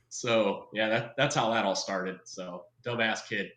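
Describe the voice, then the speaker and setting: A man's voice: on the low side, moderate pace. A man in his forties, a retired soldier, telling a story in a casual podcast chat and acting out the people he quotes. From United States. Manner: animated, acts out quoted voices, swears freely. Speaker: podcast guest. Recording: echoey room.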